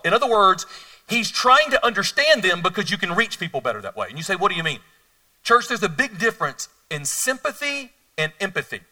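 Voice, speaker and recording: A middle-aged man preaching a sermon as a pastor, telling stories animatedly and swinging between hushed and loud delivery. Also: high-pitched, recorded from a distance.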